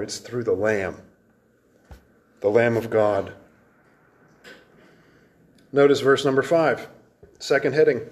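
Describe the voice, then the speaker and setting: Emphatic preacher, a man, repeating for weight. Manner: emphatic, repeats phrases, drops low and slows for weight. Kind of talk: expository sermon.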